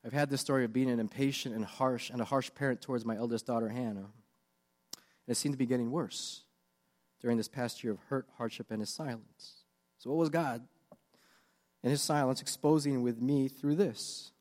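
A man's voice: mid-range voice, fairly even intonation, normal speed, darkish tone, long reverb tail. A man preaching a sermon with earnest, confessional questions. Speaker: pastor.

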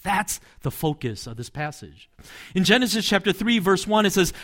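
Male pastor, sermon, conversational storytelling, animated pitch, somewhat high voice. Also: moderate pace. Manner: conversational, storytelling with asides and chuckles.

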